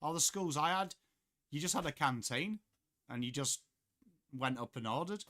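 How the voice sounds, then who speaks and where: A man's voice: on the high side, expressive, moderate pace, fairly bright tone. Chatty man hosting a footy stream. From England. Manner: chatty, swears casually, reads out viewer chat. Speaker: livestream host. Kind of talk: casual live watchalong chat and commentary.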